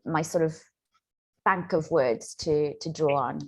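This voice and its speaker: A woman with a slightly low voice co-presents a teaching webinar over a video call. She explains ideas clearly and steadily, walking through examples in plain terms. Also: unhurried, a little mellow. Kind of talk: webinar presentation and demo dialogue.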